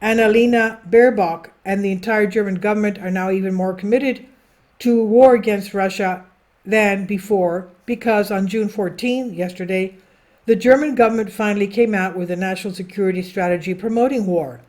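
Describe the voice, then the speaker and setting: Brief: female host, mid-pitched, reads news commentary from a script, adds asides, trips on names. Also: normal speed, a little mellow. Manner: stumbles over foreign names. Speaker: political commentary channel host. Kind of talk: read-aloud news commentary.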